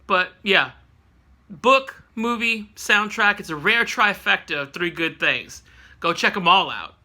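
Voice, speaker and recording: A man's voice: high voice, expressive, a little slow, sharp tone. A man in his late thirties from California, chatting casually about books he read, rambling with lots of fillers and self-corrections. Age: late 30s. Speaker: book reviewer. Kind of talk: casual book review vlog.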